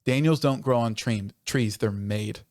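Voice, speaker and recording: Speaking on a conversational church podcast, a man who is a pastor has a medium, slightly mellow voice, recorded at studio quality with no room sound. His delivery is earnest and passionate, faster when he gets stirred, full of self-interrupting restarts.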